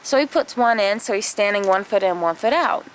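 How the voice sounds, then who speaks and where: A woman's voice: medium pitch, expressive, normal speed. A woman vlogger telling a family story in a chatty, casual way, full of fillers and acted-out quotes.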